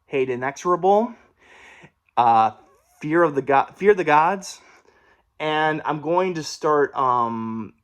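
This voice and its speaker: A man's voice: a little high, lively intonation, takes it slowly, pauses often, clear, resonant tone. A young man talking casually about his new books, rambling with many fillers and restarts, and a mild stutter. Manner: rambling, with fillers and self-corrections. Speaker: book vlogger.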